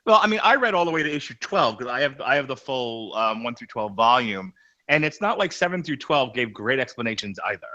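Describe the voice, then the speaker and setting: A man with a bright, ringing voice talks comics on a podcast. He rambles casually and restarts his sentences often, his pitch sitting in the middle. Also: big pitch swings, brisk, lo-fi sound. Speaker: podcast co-host.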